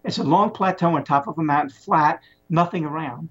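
A man's voice: a little high, fairly quick. A man telling a long story in a casual, rambling way, often restarting his words, on a muffled lo-fi recording. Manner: rambling, animated retelling with many restarts.

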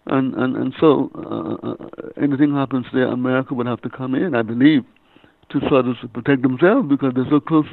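An older man, a reverend and author being interviewed, who talks haltingly and often repeats his words. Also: mid-range voice, gravelly, dry recording. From Bahamas. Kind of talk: casual interview storytelling. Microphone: phone. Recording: tinny phone line.

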